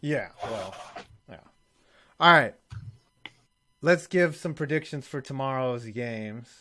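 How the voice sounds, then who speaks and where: A man's voice: mid-range voice, animated, slow pace, sharp tone, slight background noise. Profane, ranting sports show host, a man. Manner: profane, ranting hot takes. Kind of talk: casual live-stream banter.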